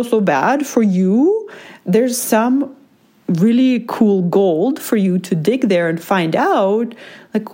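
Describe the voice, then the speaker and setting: A woman, a mother, telling a personal story in a casual, reflective monologue. She often checks in with "right?" and "like", and speeds up and slows down within a sentence. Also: fairly high pitch, dark tone.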